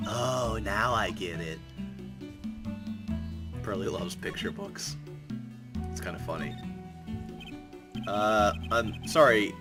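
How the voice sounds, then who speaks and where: A man hosting a let's play, reading game text aloud with wry, sarcastic asides. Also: lowish voice. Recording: game music underneath.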